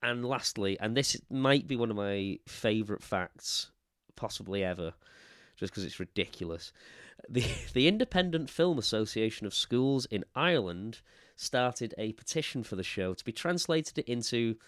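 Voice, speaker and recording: A man's voice: lowish voice, expressive, normal speed, clear, resonant tone, dry recording, studio quality. A man co-hosting a podcast, chatting casually and laughing often. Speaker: podcast co-host. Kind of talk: casual chat.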